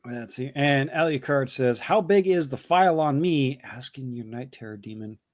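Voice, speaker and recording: A casual man co-hosting a livestream, reading chat messages out with crude jokes. He tends to stumble and repeat words as he goes. His voice sits at a middle pitch and is recorded dry and close. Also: animated, normal speed, dry recording.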